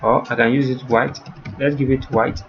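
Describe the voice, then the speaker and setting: A man's voice: medium pitch, little pitch movement, moderate pace, gravelly, soft background music. Man explaining code step by step. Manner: repetitive step-by-step explaining, addresses viewers as you guys. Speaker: coding tutor. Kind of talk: screen-recorded coding tutorial. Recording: slightly muffled, faint background noise.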